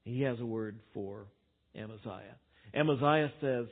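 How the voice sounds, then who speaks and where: A man preaching a verse-by-verse sermon, emphatic and swinging between loud bursts and quiet asides. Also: fairly low pitch, unhurried, gravelly. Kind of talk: expository sermon. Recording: tinny phone-like sound.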